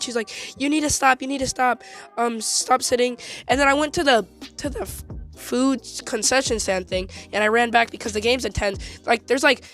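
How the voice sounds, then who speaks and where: A teenage boy telling a story in a casual, animated, slangy way, often laughing mid-sentence. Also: very high-pitched. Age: teens.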